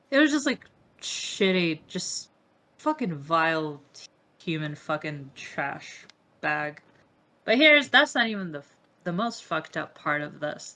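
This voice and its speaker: Low-voiced young woman, raw and profane. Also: bright, forceful tone. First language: not English. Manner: emotional, profane, heavy filler use. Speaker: interview guest. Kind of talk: candid interview conversation.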